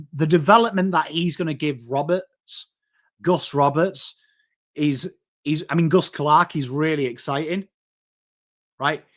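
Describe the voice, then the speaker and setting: An Englishman whose voice runs on the high side with a fairly bright tone hosts an easygoing live stream. Reading chat as he goes, he banters with viewers in a chatty way and calls everyone mate.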